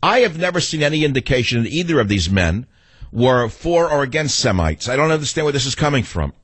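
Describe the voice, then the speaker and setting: Man, talk radio host, middle-aged, husky, very lively pitch, sardonic, argumentative, rambling. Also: brisk, no echo. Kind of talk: talk radio monologue and caller exchange.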